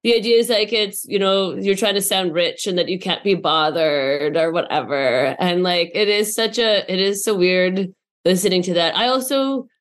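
Chatty woman comedian. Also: fairly low pitch. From Saskatchewan, Canada. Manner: chatty, lots of "like" fillers, quick asides. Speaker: comedian guest. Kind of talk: casual podcast chat.

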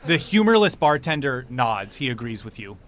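A man's voice: medium pitch, very animated, moderate pace, a bit bright, slight background noise. A man narrating as game master of a tabletop game, describing scenes vividly.

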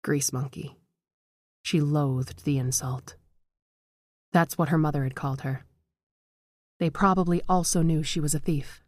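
A woman narrating a horror short story in a measured, dramatic way. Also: deep voice, darkish tone, no echo.

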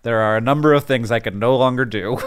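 A man co-hosting a podcast in casual chat, playful and excitable, often jumping high in pitch. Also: quick pace, clear, resonant tone. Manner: excitable, swings from high to low; playful, joking. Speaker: podcast co-host.

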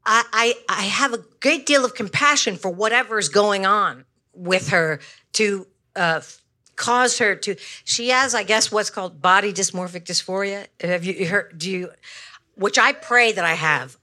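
A woman's voice: mid-range voice, normal speed, bright, forceful tone. Rambling, apologetic woman comic on stage. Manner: tangential, self-deprecating, apologetic asides. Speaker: comedian guest. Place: comedy stage before live audience. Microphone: handheld wireless mic.

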